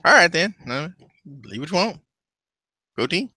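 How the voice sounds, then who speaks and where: A man's voice: on the high side, big pitch swings, normal speed, sharp tone, full character voice. A man voicing a blunt, chatty rural American character with a plain-spoken country drawl in a tabletop role-play. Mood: teasing.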